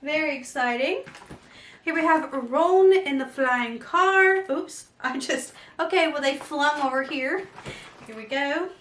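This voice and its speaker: A woman vlogger chatting excitedly while unboxing, gushing and full of fillers. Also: high-pitched, slow, echoey room, slight background noise. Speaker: vlogger unboxing an advent calendar. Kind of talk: casual unboxing chat.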